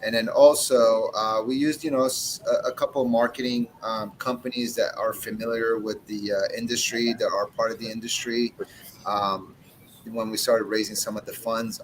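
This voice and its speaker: A man in his forties talking in a loose, blunt, profane way, slipping into quick voices as he acts out his back-and-forth with customers. His voice sits at an ordinary middle pitch, and a faint low rumble hums under it on what sounds like a video call. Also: fairly bright tone, poor audio. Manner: blunt, swears freely, acts out dialogue with customers. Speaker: cigar brand owner, podcast guest. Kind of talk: casual chat.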